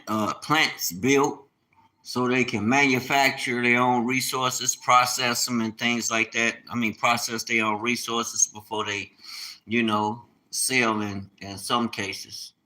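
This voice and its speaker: A man chatting on a live stream in an animated, preachy, joking way, laughing often. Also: lowish voice, rough recording. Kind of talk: casual live-stream chat.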